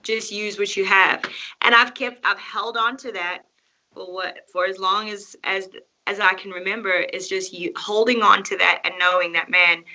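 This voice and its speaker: A woman's voice: mid-range voice, fairly even intonation, normal speed, pushed and bright. A woman singer, a podcast guest, talking in casual chat in an earnest, grateful and reflective way. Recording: slightly muffled lo-fi sound.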